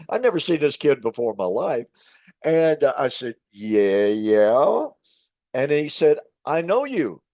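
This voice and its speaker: A man's voice: mid-range voice, sing-song, takes it slowly, pauses often, warm tone, no room sound. An older man, a minister hosting his show, telling a casual story to viewers with many fillers and restarts. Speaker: host, minister.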